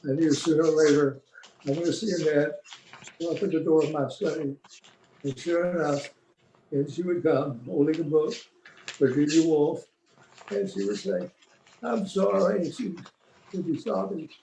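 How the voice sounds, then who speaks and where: A man with a mellow, dark voice tells a personal story on a video call, pausing often and reaching for words. His room sounds roomy and echoey, with a faint hiss underneath. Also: fairly high pitch. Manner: reflective, halting with pauses and fillers. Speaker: memorial speaker.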